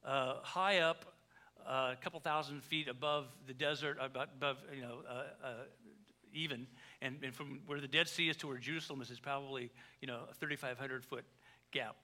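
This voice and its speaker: A man, a pastor, preaching a sermon in a conversational way, with joking asides and big swings between quiet and loud. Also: mid-range voice, steady tone, a little fast.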